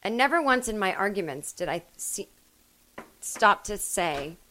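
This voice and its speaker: A woman hosting a solo comedy podcast from home, rambling and self-mocking, with sudden loud bursts. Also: mid-range voice, big pitch swings, unhurried, low-quality recording. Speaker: podcast host.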